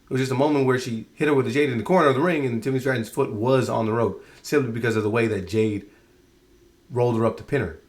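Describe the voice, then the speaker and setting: Give me an exasperated man with an average-pitched voice, rambling through a casual review. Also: fast. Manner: exasperated, rambling with frequent restarts. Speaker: wrestling show reviewer.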